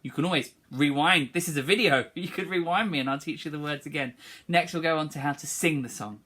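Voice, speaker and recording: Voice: medium pitch, brisk, a bit bright. A music teacher leading an online singing lesson for schoolchildren, encouraging and demonstrating phrases for the class to repeat.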